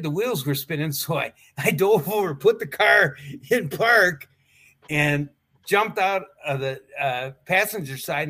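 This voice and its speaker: Bright-voiced older man telling stories. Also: a little high. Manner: rambling, with restarts and chuckles. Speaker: guest, retired wrestler. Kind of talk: casual anecdotal storytelling.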